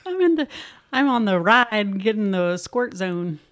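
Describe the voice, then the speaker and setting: A woman's voice: medium pitch, very animated, unhurried. Chatty, giggly middle-aged woman. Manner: chatty and giggly, laughs often. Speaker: podcast co-host. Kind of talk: casual chat.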